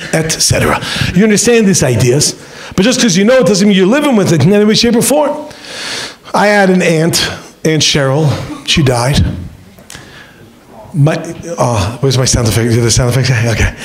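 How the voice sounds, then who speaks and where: A middle-aged man lecturing as a rabbi to a room of young students, joking, telling stories and acting out quotes with big swings in his voice. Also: on the high side. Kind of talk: animated seminar talk to young students.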